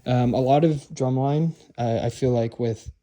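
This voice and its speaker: A man's voice: mid-range voice, normal speed, mellow. Chatty young man teaching drum grip. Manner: loose and chatty, many fillers and restarts. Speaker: drumline instructor. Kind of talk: casual instructional talk. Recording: noisy room recording.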